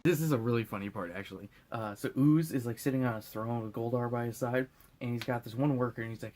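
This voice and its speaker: A man's voice: medium pitch, steady tone, fast talker, darkish tone, slight background noise. A drunk man recapping a movie in a loose, crude, rambling way, often acting out lines in silly voices. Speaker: host.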